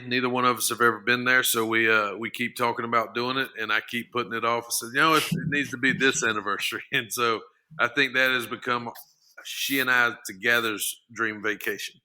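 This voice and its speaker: A man's voice: mid-range voice, level tone, moderate pace, bright, forceful tone. A middle-aged man, a former football lineman, talking earnestly as a podcast guest, often restarting and repeating his words. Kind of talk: casual interview talk.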